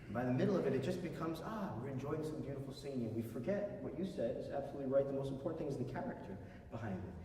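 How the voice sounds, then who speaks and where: A man conducting a master class, coaching a singer with animated remarks and sung demonstrations. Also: mid-range voice, racing, few pauses, slight background noise. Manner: animated, sings phrases to demonstrate. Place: concert hall. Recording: echoey hall, voice from far off.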